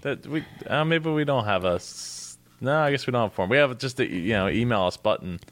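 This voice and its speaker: A man co-hosting a podcast in casual chat, talking haltingly with repeated words and trailing off. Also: mid-range voice, animated, fairly bright tone, no echo. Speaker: podcast co-host.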